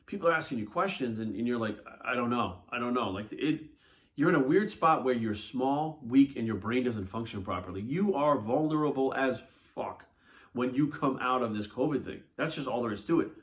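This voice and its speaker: A man, a fitness coach, telling a personal story in a blunt, animated way with a lot of swearing. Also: mid-range voice, normal speed. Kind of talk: casual monologue to camera.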